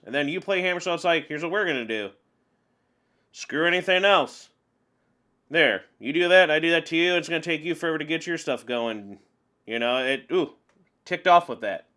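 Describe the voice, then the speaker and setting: A man with a bright, forceful voice pitched a bit high gives casual commentary over an online card game. He rants in an animated way and laughs a lot as he plays. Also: a little fast. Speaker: gameplay commentator.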